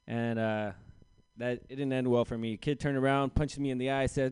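Smooth-voiced young male stand-up comic. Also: medium pitch, steady tone, brisk, a little mellow, no echo. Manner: storytelling, loose and self-deprecating with acted voices. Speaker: stand-up comedian. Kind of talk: stand-up set at an open mic.

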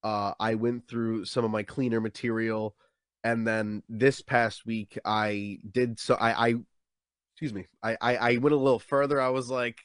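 A man's voice: normal speed, smooth, no echo, studio quality. A young man, a stand-up comedian, chatting casually in an interview and acting out what people say to him. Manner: animated, acts out quotes with jumps in pitch.

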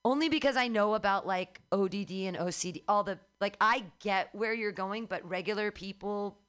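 A woman's voice: mid-range voice, moderate pace, a bit bright, clean tone. A woman hosting a comedy show, chatting casually and rambling, laughing often. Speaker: host. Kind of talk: casual chat.

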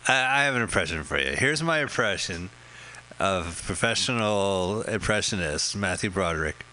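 A man's voice: low voice, expressive, moderate pace, pushed and bright, poor audio. A man co-hosting a comedy podcast, joking and riffing on a film while trying out silly impressions. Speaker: podcast co-host. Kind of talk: comedic riffing over a movie.

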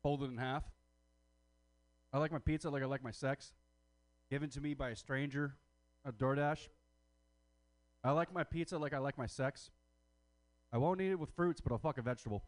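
A man closing his stand-up comedy set with quick, crude, deadpan one-liners. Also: medium pitch.

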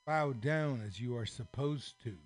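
A man voicing stern chess bishops who yell threats in the name of God in a storybook tale. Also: mid-range voice, unhurried, close to an everyday voice. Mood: threatening. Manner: yelling, sanctimonious.

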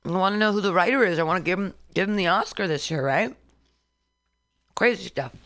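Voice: mid-range voice, fairly quick, a bit bright, dry recording. A radio host doing a sarcastic, rambling political monologue with jokey asides and reading a document aloud in a studio.

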